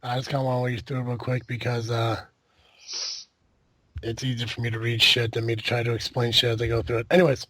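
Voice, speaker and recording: A man's voice: medium pitch, level tone, fast talker, fairly bright tone, dry recording. A man hosting a podcast in casual chat, rambling with lots of fillers and the odd swear. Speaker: podcast host.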